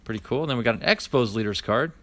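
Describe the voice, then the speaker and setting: A man's voice: medium pitch, animated, quick pace, a bit bright. Man, casual card-opening commentary, chatty, reads names in a running list, talks to viewers. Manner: talks to live viewers by name.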